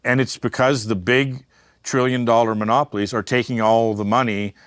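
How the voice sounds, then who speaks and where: A man's voice: mid-range voice, steady tone, normal speed, clean tone, no room sound, studio quality. A man giving a candid interview, talking bluntly and emphatically, swearing freely and wandering into asides. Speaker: media entrepreneur and interview guest.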